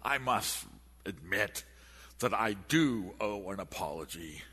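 A man quoting a gruff older male theology professor with a gravelly Pittsburgh accent and a stately, cutting delivery. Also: on the low side, expressive, slow pace, pushed and bright, exaggerated voice. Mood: dry cutting. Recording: echoey hall.

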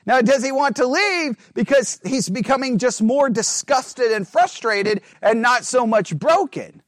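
Guy with a really high voice running a bible study, dry close sound, keeps restarting and asking the group stuff. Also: lively intonation, measured pace, dry recording. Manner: thinks aloud, repeats and restarts words, asks the group questions. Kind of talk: conversational Bible study teaching.

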